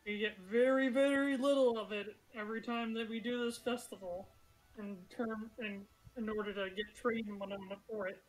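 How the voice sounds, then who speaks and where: A woman's voice: fairly high pitch, steady tone, normal speed, low-quality recording. A woman running a tabletop game as game master, narrating the scene in a chatty way and laughing now and then. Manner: chatty, laughs through descriptions.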